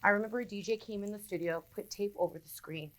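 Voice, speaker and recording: A woman's voice: mid-range voice, fast. A woman in her forties, a radio personality, chatting as a guest and acting out the people in her stories. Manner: animated storyteller, acts out quotes. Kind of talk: casual interview chat.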